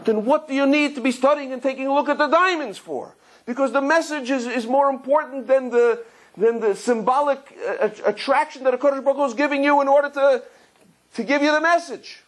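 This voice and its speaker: A man teaching a Torah class as a rabbi, telling stories in an animated, digressive way and often repeating words. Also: very high-pitched, fairly quick. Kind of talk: Torah lecture with storytelling.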